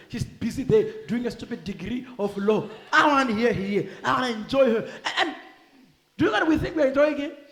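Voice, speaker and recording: Male preacher, high voice, animated, acts out dialogue; echoey church hall. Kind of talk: sermon.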